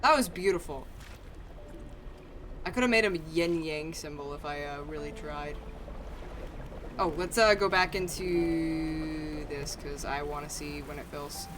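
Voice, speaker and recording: A woman's voice: low-pitched, a little slow, pauses often, music in the background. A woman streamer giving casual, joking commentary as she plays, swearing freely and talking to herself.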